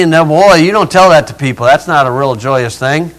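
High-voiced older preacher, folksy storyteller. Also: male voice, brisk, hardly any pauses, fairly bright tone, rough recording. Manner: folksy and dramatic, acting out voices with sudden rises and drops. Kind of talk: storytelling sermon.

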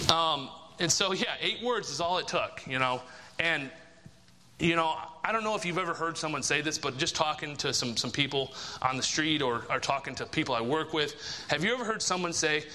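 Fairly high-pitched and animated, a man preaches at a moderate pace in a bright, forceful tone, with a little hiss or hum and the long reverb of a large hall. He repeats key phrases emphatically and peppers his listeners with rhetorical questions.

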